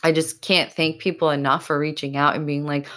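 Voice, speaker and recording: Low-voiced woman, choked up and tearful. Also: flat delivery, a little fast, a bit bright. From Massachusetts. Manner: emotional, choked up, rambling with many fillers. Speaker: podcast host. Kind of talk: casual solo podcast talk.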